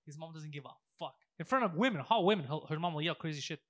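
A man in a casual podcast chat, telling crude, animated stories and acting out the people in them. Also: on the high side, fast.

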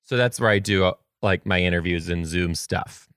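A man who teaches kindergarten, telling a story to his viewers in a gushing, animated, chatty way. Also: low voice, moderate pace, no echo, studio quality. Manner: chatty with frequent "like" fillers.

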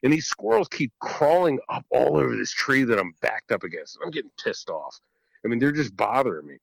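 Animated, profane man telling a story. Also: medium pitch, a little fast, vocal fry, no echo, poor audio. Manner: animated, profane, laughs often. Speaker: podcast guest or host telling a hunting story. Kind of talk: casual storytelling. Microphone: podcast microphone.

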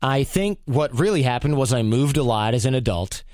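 A man from Michigan hosting a podcast, answering listener mail in a relaxed, reflective, conversational way. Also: mid-range voice, normal speed, no echo, clean studio sound. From Michigan, USA. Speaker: podcast host. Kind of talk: casual advice talk answering listener mail.

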